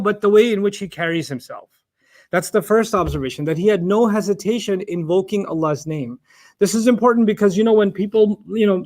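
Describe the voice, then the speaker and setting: A man giving a Quran lesson. He recites Arabic verses in a chant and explains the Arabic words patiently and at length. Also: fairly high pitch. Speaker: Quran teacher.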